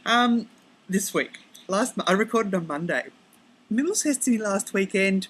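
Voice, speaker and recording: A middle-aged Australian woman hosting a podcast, chatting casually and rambling with quick self-corrections and asides, recorded outdoors on her deck. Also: mid-range voice, animated, slightly rough, low-quality recording. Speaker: podcast host. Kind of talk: casual chat.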